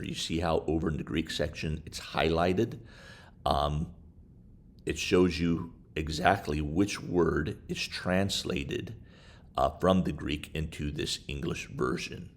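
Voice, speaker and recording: A man giving a casual screen-share tutorial on study software, talking in a halting way with many fillers. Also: very deep voice, vocal fry. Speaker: instructor. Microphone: desktop microphone while screen recording.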